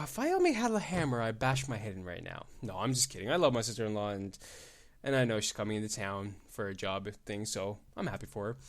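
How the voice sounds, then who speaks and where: A young man hosts a solo podcast, ranting loosely and profanely. He swings from loud, excited outbursts to low, mumbled asides and keeps laughing at his own jokes.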